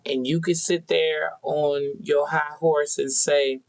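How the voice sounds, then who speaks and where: Slow earnest tarot reader, preachy, keeps repeating stuff to viewers, middle pitch. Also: little pitch movement, rough recording. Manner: preachy, earnest direct address with repetition; speaks to an unseen audience. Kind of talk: spiritual oracle card reading addressed to viewers.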